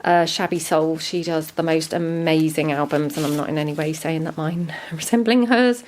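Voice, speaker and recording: Chatty woman, low voice. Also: normal speed, a little hiss or hum. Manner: chatty, relaxed, frequent ums. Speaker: crafter showing a handmade junk journal. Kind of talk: casual show-and-tell narration.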